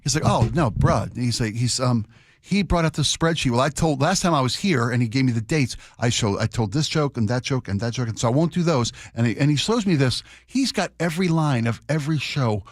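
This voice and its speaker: A man's voice: mid-range voice, animated, fairly quick, no room sound. A man hosting a radio talk show, telling stories in casual chat from a studio, with many restarts. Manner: chatty storyteller, many restarts. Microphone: studio microphone.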